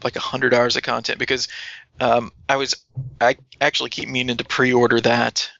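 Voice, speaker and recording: A man co-hosting a podcast in casual, animated chat, swearing freely. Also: mid-range voice, moderate pace, vocal fry, no echo, muffled recording. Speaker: podcast co-host.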